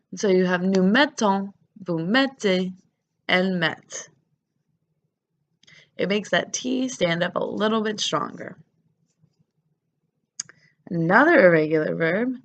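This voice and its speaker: A woman teaching French grammar, patiently spelling out verb endings letter by letter. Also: medium pitch. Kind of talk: grammar lesson.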